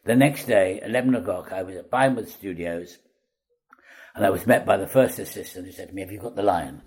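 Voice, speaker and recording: Older man, husky storyteller. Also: deep voice, a little fast. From Wales. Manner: chatty, self-deprecating, lively with hesitations. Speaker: veteran actor guest. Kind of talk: anecdotal storytelling.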